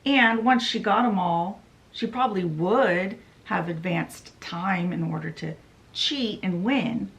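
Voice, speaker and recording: A woman's voice: mid-range voice, slow pace, fairly bright tone. A woman voicing a sad male rabbit in an everyday retelling voice. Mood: earnest. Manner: plain retelling voice.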